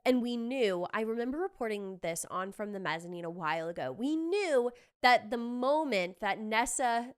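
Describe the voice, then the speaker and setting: Gushing woman podcast host, smooth and bright. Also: on the high side. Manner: gushing, excitable, quick asides. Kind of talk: casual chat recapping a trailer.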